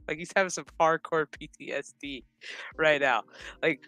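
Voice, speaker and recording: A man rattles through a TV episode recap, swearing freely and dropping into mocking impressions of the characters. His voice sits fairly high and sounds bright and sharp. The recording is dry and close, with faint music running in the background. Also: expressive, slow, no echo. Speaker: show recap commentator. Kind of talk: crude comedic episode recap.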